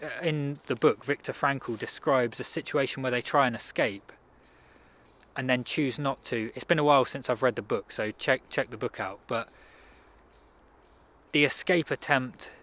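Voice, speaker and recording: This man's motivational talk is casual and rambling, delivered at normal speed in an average-pitched voice with a slightly bright tone. A self-improvement speaker, he keeps cutting off his sentences and starting them over in a conversational way.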